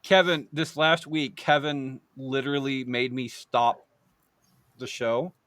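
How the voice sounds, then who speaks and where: A man's voice: mid-range voice, steady tone, slow pace, a bit bright, no room sound. A man hosting a casual podcast, loose and rambling, laughing often. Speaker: podcast host.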